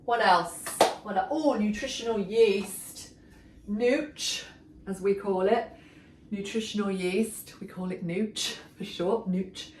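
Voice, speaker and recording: A woman's voice: medium pitch, takes it slowly, background noise. Chatty woman cooking in an echoey kitchen. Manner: chatty, enthusiastic, talks while working. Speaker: cooking show host. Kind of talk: casual kitchen demonstration. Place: home kitchen. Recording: echoey kitchen, mic far off. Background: clattering dishes and pans.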